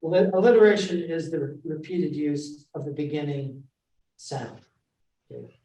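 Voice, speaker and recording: A man presenting a class in a library room, talking in a halting way with many fillers and restarts and often checking in with his listeners. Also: a little high, mellow. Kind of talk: classroom talk on reading verse aloud. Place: library meeting room, indoors. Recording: echoey room, voice from far off.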